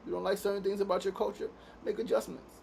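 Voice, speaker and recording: A man's voice: high-pitched, flat delivery, quick pace, creaky, a little mellow, a little hiss or hum. A man from Queens, hosting a casual daily show in a studio. He talks in a laid-back way, swears freely and keeps tagging his sentences with "right?". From Queens, New York. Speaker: podcast host.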